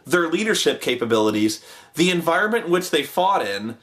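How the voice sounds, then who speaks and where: A man's voice: on the high side, big pitch swings, brisk, a bit bright. A man ranting sarcastically about a TV show, swearing a lot and mocking the people on it in exaggerated voices. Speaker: host reviewing a TV show. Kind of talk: ranting commentary.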